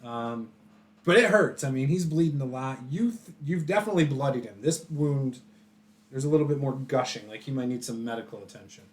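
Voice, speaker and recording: A man's voice: medium pitch, fairly quick. A man running a tabletop game as game master, describing the action casually with fillers and laughs.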